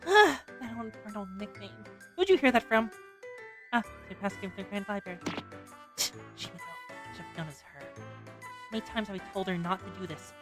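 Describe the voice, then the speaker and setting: A woman's voice: medium pitch, expressive, fairly quick, pauses often, over music, voice pushed down, close to an everyday voice. A woman voicing a timid young female librarian who speaks in a hesitant, mumbling voice. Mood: hushed wary.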